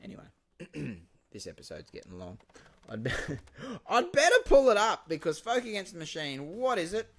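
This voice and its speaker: A man hosting his own podcast, talking casually on his own and swinging from quiet asides to loud, swearing outbursts. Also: high voice, wildly swooping pitch, moderate pace. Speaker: podcast host and musician. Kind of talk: casual solo podcast monologue.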